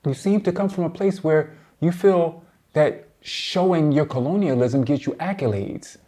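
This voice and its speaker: A man giving heated reaction commentary, addressing his target directly with blunt, slangy lecturing that swings between low muttering and loud outbursts. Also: a little slow. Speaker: commentator responding to a debate.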